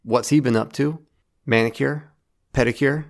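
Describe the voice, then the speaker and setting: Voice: medium pitch, fairly even intonation, moderate pace, gravelly. A podcast co-host in casual chat, with dry, wry humor.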